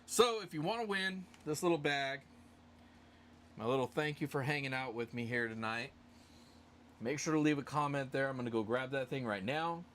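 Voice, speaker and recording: Hosting a relaxed giveaway on a live stream, a man rambles and pokes fun at himself in a loose way. He speaks at normal speed with a medium pitch and a slightly bright tone, over a little hiss or hum.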